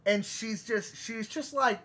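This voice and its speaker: A young man co-hosts a live game stream, chatting casually and telling rambling stories packed with "like." His voice sits high and a bit bright, and he takes it slowly.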